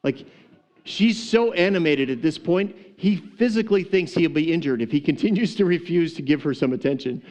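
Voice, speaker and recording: Humorous preacher telling a story. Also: male voice, fairly high pitch, lively intonation, moderate pace, a little mellow. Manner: humorous, laughs often, acts out the story. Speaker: pastor. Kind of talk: sermon storytelling.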